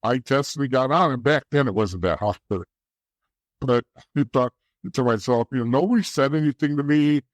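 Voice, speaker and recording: A man's voice: mid-range voice, normal speed, dry recording. Blunt, profane man telling his story. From East Coast of the United States. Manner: blunt and profane, restarts often. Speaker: interview guest. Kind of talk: candid storytelling.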